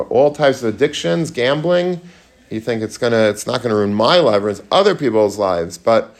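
Man giving a lively storytelling sermon. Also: medium pitch. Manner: animated, acts out quoted voices, Yiddish and Hebrew terms. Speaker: Torah lecturer.

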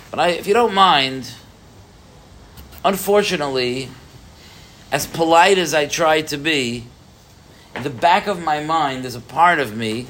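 A man teaching a Torah class to a live group, animated, with rhetorical questions and frequent restarts. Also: a little high, a little hiss or hum.

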